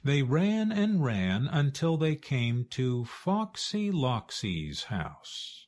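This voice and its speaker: Brief: male narrator for a learners' storybook, clear and expressive, unhurried. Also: mid-range voice.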